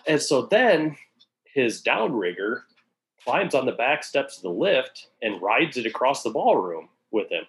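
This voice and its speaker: A man's voice: mid-range voice, big pitch swings, unhurried, low-quality recording. A man casually telling a long work story, sprinkled with swearing and acted-out quotes. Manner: casual, profane, acts out quoted voices.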